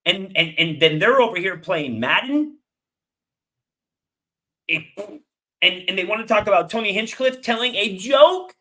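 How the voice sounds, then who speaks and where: A man's voice: high-pitched, animated, a little slow, pauses often, bright, forceful tone. A man recording a reaction commentary video, ranting heatedly and angrily at the clips he plays. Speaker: political commentator.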